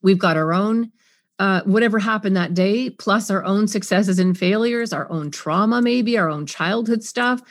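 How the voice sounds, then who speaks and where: A middle-aged woman talking as a parenting coach on a podcast, expressive, acting out scenes and asking rhetorical questions. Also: medium pitch, normal speed, no room sound, studio quality. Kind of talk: podcast guest conversation.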